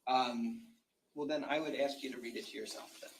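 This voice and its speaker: A man working as a trial attorney, cross-examining a witness in a courtroom with measured, methodical questions. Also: mid-range voice, fairly even intonation, noisy background.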